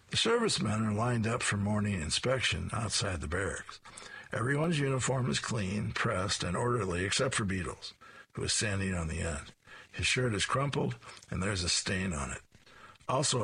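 A man's voice: on the low side, sharp tone, breathy edge. A man reading newspaper comic strips aloud, describing each panel and adding chuckled asides.

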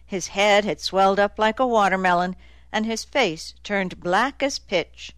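A woman's voice: mid-range voice, measured pace, clear, resonant tone, dry recording, close to an everyday voice. A woman voicing a hard-edged male detective who is sardonic and cutting, in an audiobook. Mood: deadpan. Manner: dry, cutting, needling. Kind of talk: audiobook character voice.

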